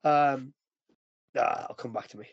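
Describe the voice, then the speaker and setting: A man's voice: medium pitch, a little slow, vocal fry, slightly rough, no echo, lo-fi sound. A man hosting a podcast in casual chat, rambling, often losing his train of thought and laughing. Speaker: podcast host.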